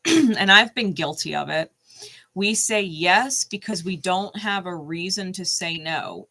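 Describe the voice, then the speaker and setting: A woman's voice: on the low side, bright, forceful tone. A middle-aged woman giving a casual tarot card reading, blunt and profane, laughing often.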